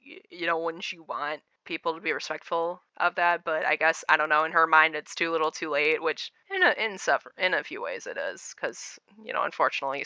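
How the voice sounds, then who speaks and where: Bright, crisp-voiced woman doing blunt commentary. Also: deep voice, no room sound. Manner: blunt, sarcastic, frequent filler words. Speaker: commentary YouTuber. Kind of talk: casual reaction commentary.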